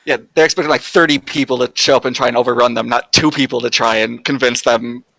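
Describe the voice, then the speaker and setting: A man playing a tabletop game, eagerly pitching his plan to the group. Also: fairly even intonation, quick pace, creaky, bright, forceful tone, no echo. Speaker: player. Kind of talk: casual tabletop game chat.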